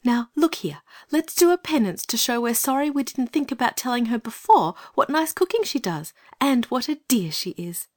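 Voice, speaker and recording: A man's voice: extremely high pitch, very animated, normal speed, hardly any pauses, dry recording, clean studio sound, pitched above the performer's own voice. A man doing an eager young girl. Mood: earnest. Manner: earnest, eager. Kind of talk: audiobook character voice.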